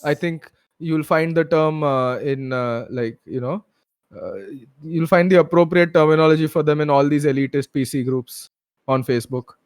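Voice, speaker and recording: A man's voice: fairly high pitch, moderate pace, no room sound, studio quality. A man with an Indian accent co-hosting a gaming podcast, talking bluntly and rambling with lots of fillers. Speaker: podcast co-host. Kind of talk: casual chat.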